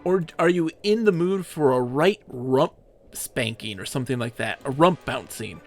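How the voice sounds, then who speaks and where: A man's voice: medium pitch, expressive, moderate pace, faint music behind, lightly acted. A man voicing a short, touchy male rogue character who mocks and banters. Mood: teasing. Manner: mocking, bantering.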